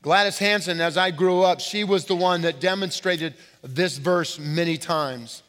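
A pastor giving a sermon to his congregation, leaning hard on key words and slowing down to stress them. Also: fairly high pitch, a bit bright. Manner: emphatic preaching with slow stressed words. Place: church sanctuary. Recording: reverberant hall.

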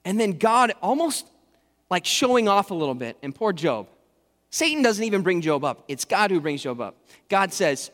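A man preaching in a relaxed, storytelling way, tossing in little jokes as he goes. His voice is high for a man, and a long reverb hangs in the large hall. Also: normal speed. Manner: casual, animated storytelling, joking asides. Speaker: pastor. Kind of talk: conversational sermon.

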